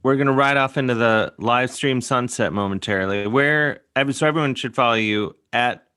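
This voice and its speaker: A man hosting a casual talk show, speaking in halting bursts with fillers. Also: mid-range voice, sharp tone, smooth. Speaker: show host. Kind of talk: casual chat.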